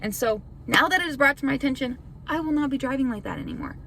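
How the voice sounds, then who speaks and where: Frustrated young woman vlogging, bright tone. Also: high voice, expressive, fast, vocal fry, a little hiss or hum, rough recording. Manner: frustrated, defensive, swears often; rambling with filler "like". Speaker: YouTuber. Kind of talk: casual vlog rant.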